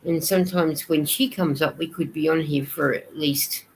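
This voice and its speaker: A woman's voice: low voice, steady tone, moderate pace, slight background noise, rough recording. An Australian woman chatting casually on a live stream, reading viewers' comments aloud and answering them as she goes.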